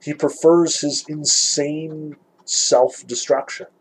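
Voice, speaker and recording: A man lecturing on a novel, explaining passages in a thoughtful, measured way. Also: a little high, level tone, breathy edge, low-quality recording. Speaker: literature lecturer. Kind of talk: lecture with dramatic read-aloud passages.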